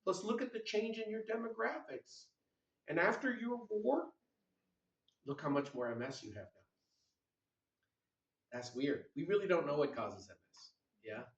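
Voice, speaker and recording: A middle-aged man giving a lively medical lecture, teasing the audience and quizzing them. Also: medium pitch, lo-fi sound. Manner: energetic, teasing, asks the audience questions. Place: large lecture hall. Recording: echoey hall recorded from a distance.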